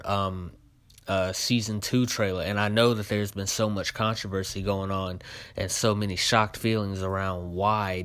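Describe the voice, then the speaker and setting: A man's voice: low-pitched, fairly bright tone, no room sound. A young man hosting his own show, giving a casual spoken review of a trailer, full of fillers and heated complaints.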